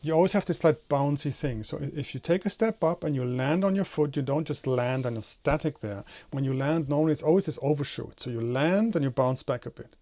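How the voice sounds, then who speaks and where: A man walks through an animation technique in a relaxed tutorial, showing each point with his own head and hands. His voice sits a little high for a man but sounds mellow and warm. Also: brisk, few pauses. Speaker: animation instructor. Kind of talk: tutorial explanation.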